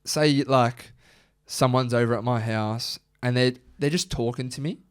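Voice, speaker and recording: A man's voice: mid-range voice, measured pace, clean tone. Young Australian man ranting casually. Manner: swears freely, animated ranting. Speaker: podcast co-host. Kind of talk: casual chat.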